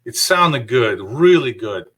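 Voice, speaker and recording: A man's voice: medium pitch, big pitch swings, slow pace, a bit bright, breathy edge. A man being interviewed about his past, telling rambling anecdotes with lots of fillers and quoting his own past remarks. He is speaking over a video call. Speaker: guest guitarist. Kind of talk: casual interview storytelling.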